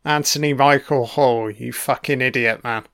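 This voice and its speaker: A man's voice: mid-range voice, steady tone, normal speed, a bit bright, no room sound, clean studio sound. A man doing a casual, crude solo commentary on a film, swearing freely and tossing asides to the listener.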